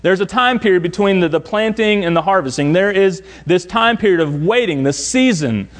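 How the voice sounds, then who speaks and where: A young man preaches a sermon in a fairly high voice. He builds through repeated phrases and often sinks into a hushed, low register for emphasis. The delivery is earnest and steady. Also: moderate pace. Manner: earnest preaching with repetition, swinging between raised and hushed lines. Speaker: pastor.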